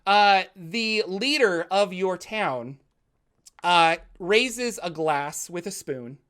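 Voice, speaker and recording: Woman game master, lively pitch, animated scene-setting. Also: takes it slowly. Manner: animated storytelling. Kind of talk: narrating a tabletop game.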